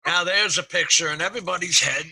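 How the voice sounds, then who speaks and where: A man with a very bright, tense-edged voice pitched a little high drops dry, wry remarks into a group call. He keeps them short. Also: fast talker, breathy edge. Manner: wry one-liners. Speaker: caller. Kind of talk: casual chat.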